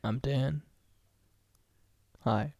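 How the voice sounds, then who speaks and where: A man playing in a tabletop game podcast, talking in a goofy, playful way with a gravelly voice. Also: mid-range voice, extremely slow, dark tone, no room sound, studio quality. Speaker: player. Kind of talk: casual podcast chat.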